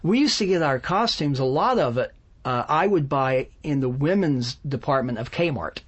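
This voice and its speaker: A man from West Virginia, a songwriter, telling funny anecdotes in conversation with a self-deprecating, animated manner and frequent laughs. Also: medium pitch, moderate pace, husky. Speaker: songwriter guest.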